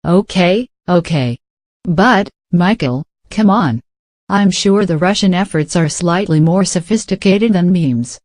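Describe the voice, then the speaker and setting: A man's voice: high voice, measured pace, no echo. A man from Africa hosting a late-night comedy show, delivering a scripted monologue and playing the dry, incredulous straight man.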